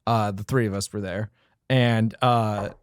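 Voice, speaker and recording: A man's voice: fairly low pitch, fairly even intonation, a little slow, clean tone, no echo, studio quality. A man co-hosting a casual food show, chatting and reading menu descriptions with amused asides. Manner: laid-back, reads promo text with amused asides. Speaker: podcast co-host. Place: studio office.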